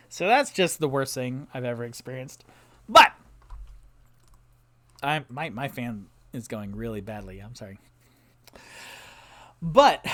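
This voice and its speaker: A man's voice: mid-range voice, very animated, slow pace, pauses often, bright, forceful tone. A man hosting a casual live stream from home, chatting with his audience and reciting playful rhymes and spelling games. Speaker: solo streamer host. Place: home streaming setup with a noisy fan. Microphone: streaming mic.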